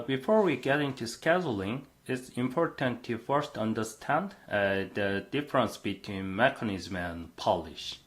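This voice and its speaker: A man lecturing a university class on computing, explaining step by step with frequent "uh" fillers. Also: mid-range voice.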